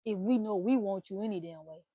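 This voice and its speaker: A young woman hosting a casual talk stream, giving blunt, profane relationship advice in an animated rant. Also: mid-range voice, a little fast, husky, no echo. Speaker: host.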